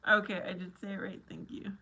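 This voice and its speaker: A woman's voice: mid-range voice, flat delivery, brisk, bright, forceful tone, husky. A woman hosting a casual live chat, talking to her viewers by name, playful and laughing often. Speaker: livestream host.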